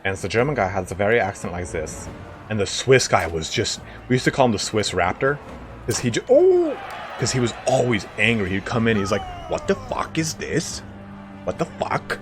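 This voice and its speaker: A man casually commenting on a game he plays live, chatting with viewers and breaking into excited reactions. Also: fairly low pitch, a little fast, background noise. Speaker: game streamer.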